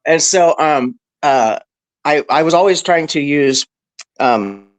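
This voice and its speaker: A man on a discussion panel telling a story casually, animated and profane, with lots of "bro" and "right". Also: a little high, slow pace, no echo, rough recording.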